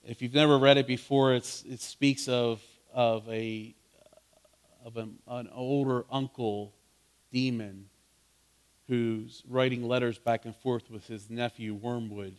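Man preaching, earnest, repeats and restarts, rhetorical questions, mid-pitched voice. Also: fairly even intonation, takes it slowly, clean tone. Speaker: pastor. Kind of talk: sermon.

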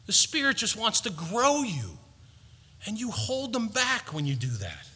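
Bright-voiced male pastor preaching in a hall. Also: sits high, wildly swooping pitch, a little slow, slightly rough. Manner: earnest, storytelling, builds to emphatic points. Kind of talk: sermon.

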